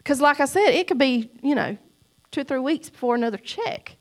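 A middle-aged woman giving a church testimony, emphatic and preachy, swinging between loud cries and soft asides. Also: high-pitched, expressive, brisk.

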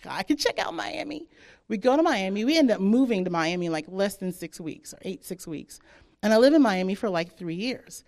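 A woman's voice: medium pitch, a little fast. Lady telling her story, super chatty, acting out what everyone said. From southern United States. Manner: animated, chatty, acts out quotes, laughs often. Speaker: speaker giving a testimony. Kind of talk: personal testimony.

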